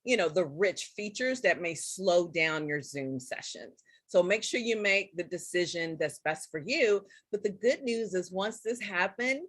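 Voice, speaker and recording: A woman hosting a casual live-stream tutorial, chatty and excitable, talking straight to her viewers. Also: on the low side, unhurried, no room sound. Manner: chatty and excitable, addresses viewers as guys and y'all. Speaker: live-stream host teaching Zoom tips.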